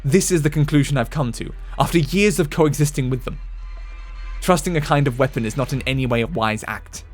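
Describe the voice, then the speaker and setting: A man reading the lines of a stern older doctor from a game, in a measured, lecturing manner. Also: mid-range voice, soft background music, close to an everyday voice. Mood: grave.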